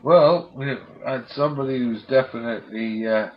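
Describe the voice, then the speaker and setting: A man's voice: medium pitch, moderate pace, slight background noise. A man chatting on a live stream, retelling comedy sketches with laughter and plenty of swearing. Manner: laughing storyteller, acts out quotes, swears freely. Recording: dull lo-fi stream audio.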